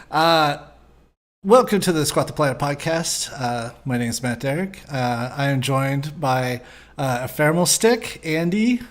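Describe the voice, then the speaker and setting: A man hosting a casual live podcast, rambling and self-deprecating, laughing often as he sets things up. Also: mid-range voice. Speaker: podcast host.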